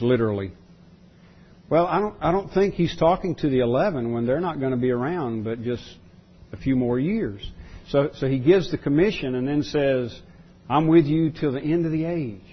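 A man preaches a sermon in a husky voice, often stopping and repeating words as he works his thoughts out aloud. The recording is dull and lo-fi. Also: on the high side. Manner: halting, repeats words while thinking aloud. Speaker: pastor.

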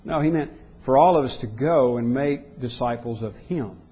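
A man's voice: medium pitch, normal speed, highs cut off, a little hiss or hum. A man preaching a sermon as pastor, emphatic and repeating key phrases for stress.

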